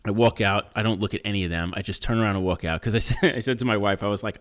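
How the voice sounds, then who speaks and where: A man's voice: lowish voice, very fast. A man co-hosting a podcast, telling a story in casual chat, acting out what other people said, swearing and laughing often. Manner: animated, acts out other people's lines while telling a story. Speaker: podcast co-host.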